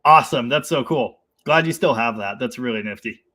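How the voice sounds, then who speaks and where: A man's voice: mid-range voice, a little fast, bright, forceful tone. A man hosting a casual live stream about cars, reading out viewer comments, laughing often and rambling with enthusiasm. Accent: Canadian.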